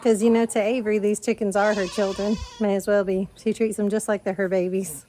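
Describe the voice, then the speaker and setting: A woman with a Southern US accent talking casually for a farm vlog, often slipping into soft baby talk with her animals outdoors. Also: mid-range voice, level tone, brisk, slight background noise. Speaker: farm vlogger. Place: outdoors on a farm with goats and chickens.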